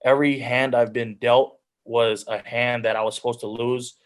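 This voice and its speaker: A man's voice: medium pitch, level tone, normal speed. A young man earnestly telling his personal story as a guest speaker on a video call, often restarting his sentences. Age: young adult. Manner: earnest, heartfelt, with frequent restarts and "like". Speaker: guest speaker, pro football player.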